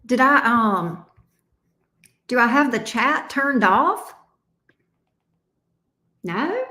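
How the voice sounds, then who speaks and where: A woman's voice: a little high, animated, extremely slow, bright, forceful tone. A woman with a Southern accent hosting a tarot live stream, chatting casually and greeting viewers by name. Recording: echoey room.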